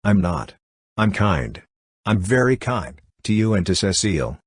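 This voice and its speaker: A cool, teasing young woman in a storybook, as a man with a deep, slightly husky voice reads her out, her talk calm and gently mocking, dry close sound with no room around it. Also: a little slow, dry recording, heavily acted.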